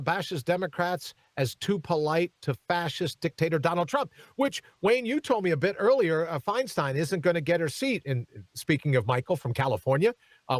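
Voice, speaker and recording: A man's voice: fairly high pitch, no room sound. A man hosting a talk radio show, giving emphatic commentary and turning often to his co-host. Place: radio studio.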